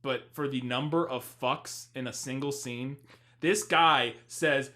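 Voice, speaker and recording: A young man co-hosting a podcast, reviewing a movie in casual comedic chat, laughing often and sounding animated and exasperated. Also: mid-range voice, measured pace. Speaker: podcast co-host.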